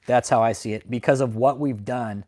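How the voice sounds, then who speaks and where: Casually addressing livestream viewers, a young host rambles and gets emotional, cursing heavily and ending his sentences with "man." His voice is mid-range and darkish, with a steady tone and moderate pace.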